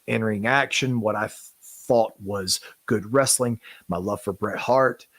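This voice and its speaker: A man speaking as a podcast host, emotional, halting and apologetic in candid talk. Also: on the low side, fairly bright tone, no echo.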